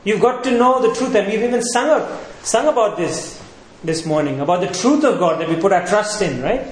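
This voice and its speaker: A man's voice: high-pitched, lively intonation, fairly quick. A man preaching a sermon as pastor, asking rhetorical questions and repeating points for emphasis. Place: church. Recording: echoey church hall with faint noise.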